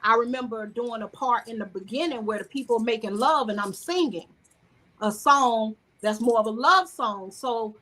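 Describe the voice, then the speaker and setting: A woman's voice: a little high, normal speed, sharp tone. A woman with a Southern American accent, a screenwriter and singer talking loosely about her work as an interview guest, in restarts and asides. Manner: loose, rambling, talks in restarts and "you know". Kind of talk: casual interview.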